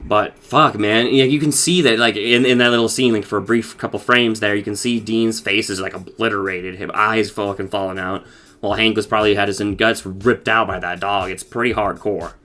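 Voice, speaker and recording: A man's voice: fairly low pitch, fairly even intonation, normal speed, pushed and bright. A man casually recapping a cartoon episode for his podcast, talking loosely with lots of swearing and fillers. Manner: loose and profane, with frequent fillers and laughs.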